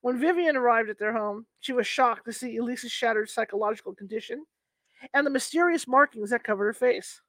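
A woman's voice: a little high, brisk, fairly bright tone, dry recording. A woman reading a book aloud in a casual, unpolished way, sometimes correcting herself. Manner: informal, stops to correct herself and apologize mid-reading. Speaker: reader.

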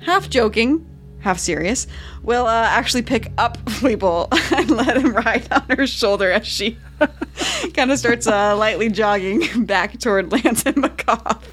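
A woman's voice: on the high side, animated, a little slow, fairly bright tone, faint music behind. A woman player in a tabletop role-playing game, talking with frequent laughs and hesitant fillers.

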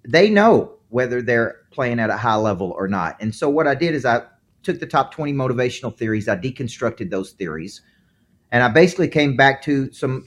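A man with a Southern US accent, a former coach and author, explaining his ideas fluently as a podcast guest. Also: medium pitch. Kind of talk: podcast interview answers.

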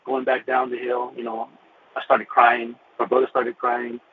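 A man giving an earnest personal faith testimony, halting and full of fillers and restarts, over a tinny phone-like radio recording. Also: medium pitch, monotone, background noise. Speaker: guest telling his faith testimony.

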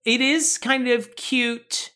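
A woman's voice: on the high side, fairly even intonation, slow, pushed and bright. A woman co-hosting a movie podcast in casual, playful chat, swearing freely and riffing on jokes. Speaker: podcast co-host.

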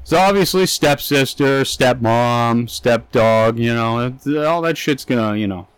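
A man's voice: medium pitch, measured pace, clear, resonant tone, dry recording, low-quality recording. A young man co-hosting a comedy podcast, ranting and swearing freely. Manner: ranting, profane, riffing. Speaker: podcast co-host. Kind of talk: crude comedic chat.

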